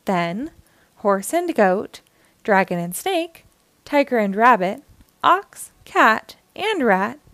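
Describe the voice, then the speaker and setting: A woman reads a children's picture book aloud as a storytime host, taking her time with each phrase. Her voice is fairly high and very melodic, rising and falling expressively, and the recording is close and dry. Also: big pitch swings, takes it slowly, fairly bright tone, dry recording.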